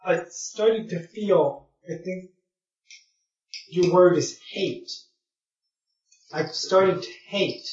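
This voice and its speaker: A man voicing a halting, brooding giant roc. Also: high-pitched, darkish tone, voice pushed up. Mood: resentful. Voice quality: halting, simple phrasing. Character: giant roc, blunt, brooding, newly resentful. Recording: roomy, distant, lo-fi mic.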